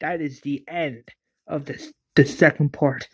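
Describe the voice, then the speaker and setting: A man's voice: fairly high pitch, steady tone, unhurried, breathy edge, dry recording. A man casually retelling his own fan story, restarting words as he narrates. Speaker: series creator and narrator.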